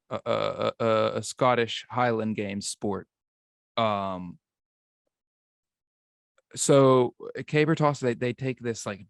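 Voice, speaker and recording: Man, podcast host, casual rambling chat, mid-pitched voice, dry close sound. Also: dry recording. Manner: chatty and rambling, stumbles over words.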